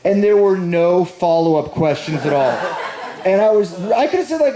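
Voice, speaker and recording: A man doing stand-up speaks at a moderate pace, his voice high-pitched and warm with lively intonation. He rambles through a story that mocks himself and banters with the audience. Recorded live on stage, the sound is roomy, from a large echoey venue with a crowd present.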